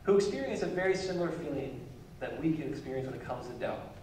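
Pastor preaching in an echoey church. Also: male voice, on the high side, expressive, quick pace, darkish tone, slight background noise. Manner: conversational, light chuckles between points. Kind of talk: sermon. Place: church sanctuary. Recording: echoey church hall from far off mic.

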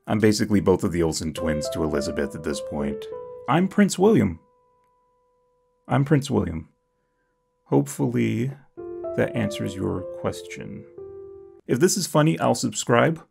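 A young man reading and reacting to comments on his channel, jokey and self-mocking, swinging from high squeals to low mutters. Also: vocal fry. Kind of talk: comedic comment-reading vlog.

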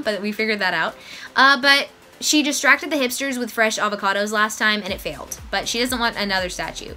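Young woman, bubbly game commentary, bright, higher voice. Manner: bubbly, giggly. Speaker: gaming vlogger. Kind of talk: gameplay commentary with read dialogue.

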